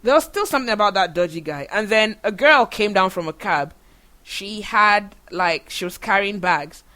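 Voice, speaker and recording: A woman from Nigeria with a Nigerian accent, hosting a show and telling stories in a chatty, animated way full of fillers. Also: mid-range voice, moderate pace. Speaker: podcast host. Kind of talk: casual storytelling monologue.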